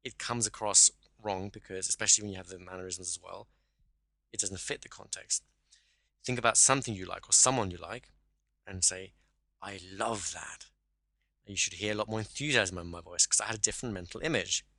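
A man's voice: deep voice, quick pace, gravelly, sharp tone, no room sound. A man coaching a caller one-to-one, explaining exercises step by step and often checking in with "right?".

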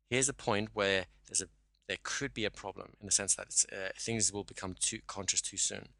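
A man's voice: lowish voice, steady tone, a little fast, bright, forceful tone, no room sound. A man teaching a hypnosis class, explaining and acting out sample dialogue. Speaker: hypnosis trainer.

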